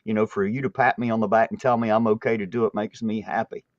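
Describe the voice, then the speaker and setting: Deep-voiced host on muffled dry audio. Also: male voice, little pitch movement, fast talker. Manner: dry, playful, greets viewers and reads chat. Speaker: livestream host. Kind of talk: casual livestream chat.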